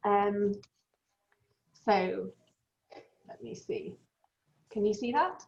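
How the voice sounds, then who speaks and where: A woman's voice: mid-range voice, sing-song, very slow, a little mellow. A woman teaching an online English class, patiently explaining vocabulary with examples. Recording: dull lo-fi sound.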